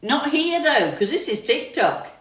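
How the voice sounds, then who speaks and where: High and sing-song, the voice of this middle-aged London host moves a little slowly with a fairly bright tone. She chats on a livestream, reading and answering viewer comments, in a southern English accent with some northern mixed in. The phone recording is reverberant and made from a distance.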